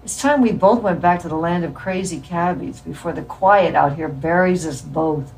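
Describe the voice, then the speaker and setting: A woman's voice: lowish voice, moderate pace, darkish tone, recorded from a distance, close to an everyday voice, low-quality recording. A woman doing a charming teasing hairdresser.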